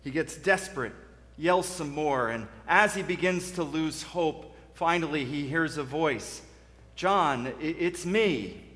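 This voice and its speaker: A man's voice: a little high, a little slow, fairly bright tone. A male interim pastor preaching a sermon in a church sanctuary, telling stories in a conversational way with frequent restarts. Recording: long church reverb.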